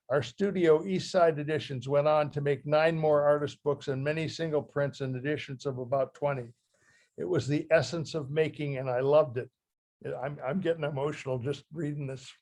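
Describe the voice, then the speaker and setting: An older man from Ohio, a guest speaker who reads from his memoir in a halting, heartfelt way and often restarts his phrases. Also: fairly high pitch, darkish tone. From Ohio, USA. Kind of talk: talk reading from his memoir.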